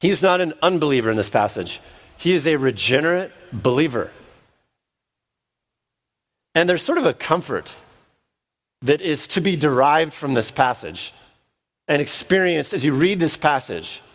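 A man's voice: on the high side, very animated, normal speed, pauses often. A man preaching an expository sermon at his church, conversational and self-deprecating, with frequent restarts. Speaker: pastor.

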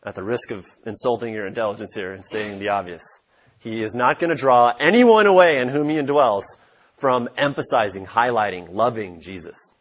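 Male pastor, low husky voice, emphatic sermon delivery, dull lo-fi recording. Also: moderate pace. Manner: emphatic, repeats key points for stress.

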